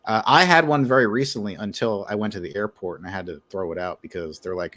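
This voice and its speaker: A man's voice: on the low side, fast talker, a bit bright, no room sound. A man hosting a livestream, chatting casually and teasing his co-host in a rambling, sarcastic way. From Brooklyn, New York. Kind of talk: casual commentary chat.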